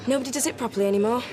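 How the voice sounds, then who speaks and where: An actress playing a dry, sardonic barmaid. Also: female voice, on the high side, natural voice. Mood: wry. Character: wry, guarded young barmaid.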